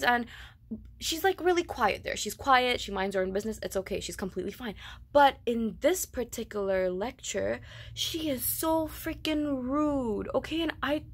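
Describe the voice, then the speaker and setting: Young woman, Tamil first language, casual vlog rant, animated, exasperated, filler-heavy. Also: a little high. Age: young adult. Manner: animated, exasperated ranting with frequent "like" and "okay". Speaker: vlogger.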